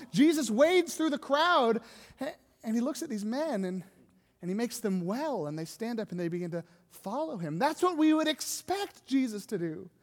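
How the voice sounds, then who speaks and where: A pastor delivers a sermon in a high-pitched voice, talking to the congregation in a chatty way and asking them rhetorical questions. The voice carries a long hall reverb from the church sanctuary.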